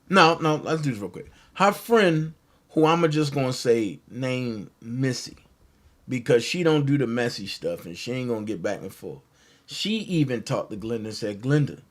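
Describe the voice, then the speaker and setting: A man who hosts a commentary channel rambles through a story during a casual livestream, with a slightly high voice. He's conversational, often restarting sentences and wandering into asides.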